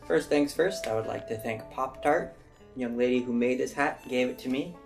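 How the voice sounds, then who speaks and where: Creaky-voiced man telling stories to camera. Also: medium pitch, normal speed, over music. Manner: chatty, reflective, mimics people he met. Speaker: vlogger. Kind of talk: casual storytelling monologue.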